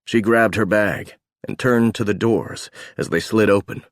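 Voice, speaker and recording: A man narrating an audiobook in a steady, measured reading voice. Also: on the low side, no echo, studio quality. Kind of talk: scripted narration.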